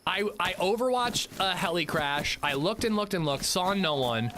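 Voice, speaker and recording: A man's voice: high-pitched, lively intonation, moderate pace, hardly any pauses, pushed and bright, slight background noise. A man chatting casually while livestreaming a video game, rambling and self-mocking. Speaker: game streamer.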